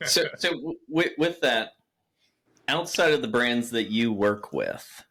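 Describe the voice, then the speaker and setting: A man's voice: mid-range voice, lively intonation, takes it slowly, sharp tone. A man co-hosting a podcast, asking the guest questions and chatting enthusiastically. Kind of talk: casual chat.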